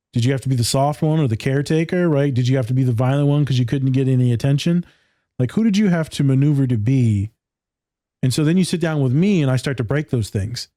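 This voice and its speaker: A man co-hosting a casual podcast, telling animated stories and swearing freely. His voice is dark and mellow, recorded close and dry with no room sound. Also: mid-range voice, no echo. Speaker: podcast co-host, therapist. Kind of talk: casual chat.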